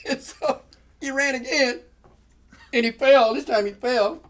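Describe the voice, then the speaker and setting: A man's voice: very high-pitched, slow. A man telling a long funny story in casual chat, acting out the voices of the people in it and laughing often. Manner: animated, acts out quoted voices, laughs often. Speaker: guest storyteller.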